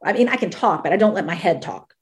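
A woman's voice: fairly low pitch, expressive, fast. Earnest woman praying and teaching. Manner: earnest, repeats phrases for emphasis. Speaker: podcast co-host and Christian ministry coach. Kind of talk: spoken prayer and faith teaching.

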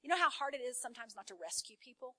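Bright, animated woman giving a sermon. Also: sits high, rapid-fire, no echo. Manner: animated, emphatic storytelling. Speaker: church speaker. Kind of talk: sermon-style testimony.

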